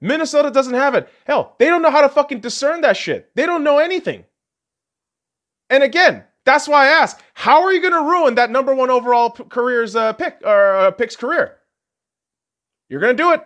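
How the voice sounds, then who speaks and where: A man hosting a podcast, delivering a profane, heckling sports rant in a casual, animated way. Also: extremely high pitch, brisk, dull audio. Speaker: podcast host.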